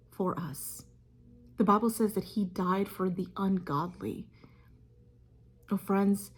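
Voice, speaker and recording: A mother speaking earnestly and haltingly to camera, telling a heartfelt story as a devotional reflection. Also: medium pitch, a little mellow, slightly rough. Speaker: mother sharing a faith reflection. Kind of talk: casual devotional talk to camera.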